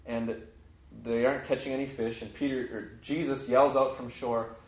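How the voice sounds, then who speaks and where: A man's voice: mid-range voice, little pitch movement, normal speed. Guy giving a laid-back sermon, talks like he's chatting, muffled lo-fi sound w lots of room echo. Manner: conversational, acts out quoted lines with sudden lifts. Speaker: preacher. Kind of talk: casual sermon retelling scripture. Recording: echoey, dull lo-fi room sound.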